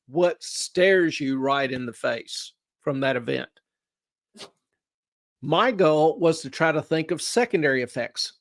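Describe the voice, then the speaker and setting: Fairly high-voiced man teaching investing. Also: no room sound, clean studio sound. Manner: folksy, teaching with questions and answers. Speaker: show host, investment adviser. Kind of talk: explaining investing in a studio chat.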